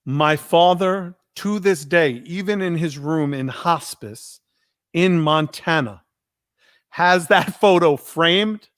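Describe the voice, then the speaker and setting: A man hosting a podcast, telling a story in an animated way and acting out the people he quotes. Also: fairly high pitch, slow pace, no room sound, clean studio sound. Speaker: podcast host. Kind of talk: casual storytelling chat.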